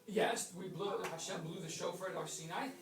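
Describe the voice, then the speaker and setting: A woman teaching a class, playfully quizzing her students with lots of questions and lively swings in her voice. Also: fairly quick, crowd noise. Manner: playful, asks many questions, animated swings in pitch. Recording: echoey room, mic far off.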